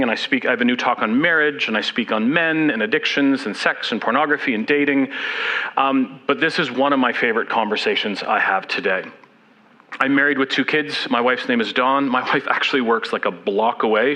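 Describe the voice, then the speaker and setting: A man's voice: medium pitch, brisk, bright, forceful tone, poor audio. A man in his fifties, seated as he gives a candid, self-deprecating personal talk at a church service. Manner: candid, self-deprecating, acts out quoted people; speaks seated. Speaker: guest speaker.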